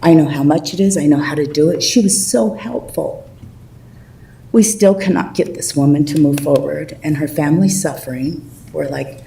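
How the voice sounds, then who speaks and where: A woman's voice: low voice, normal speed, vocal fry, warm tone, distant mic, rough recording. A woman giving a rambling, emotional public comment at a city council meeting.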